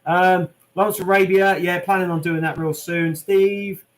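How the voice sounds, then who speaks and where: British guy on a livestream answering chat, bit high voice, says mate a lot. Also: flat delivery, unhurried. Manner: chatty, reads out viewer comments, lots of "um" and "mate". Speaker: channel host answering live chat. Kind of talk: casual live Q&A chat.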